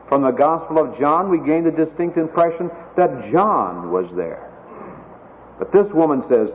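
A man preaching a sermon, dramatic, acting out quoted oaths slowly and forcefully. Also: a little high, sing-song, a little hiss or hum. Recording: tinny phone-like sound, long hall reverb.

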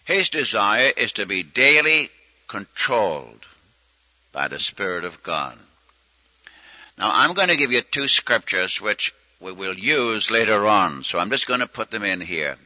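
Older guy preaching, folksy stories, kinda tense bright tone, muffled old tape. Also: on the low side, big pitch swings, unhurried, no echo. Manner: folksy storytelling, acts out quoted prayers. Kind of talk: sermon teaching. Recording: muffled lo-fi recording.

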